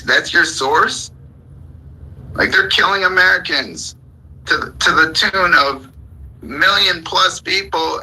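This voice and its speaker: A man's voice: mid-range voice, pushed and bright, slight background noise, low-quality recording. A man hosting a live audio chat room, ranting heatedly about politics with plenty of profanity. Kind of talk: angry political rant.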